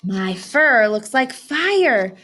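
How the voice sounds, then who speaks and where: A woman reading aloud and voicing an excited fox from a picture book, with a high squealing voice and slow drawn-out words. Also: heavily acted. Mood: proud.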